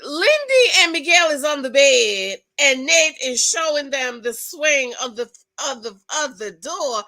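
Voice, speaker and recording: A woman hosting her own channel, chatting through a reality TV recap with gossipy asides and quick exclamations. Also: high-pitched, animated, bright, forceful tone. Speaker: channel host. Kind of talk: casual reality TV recap commentary.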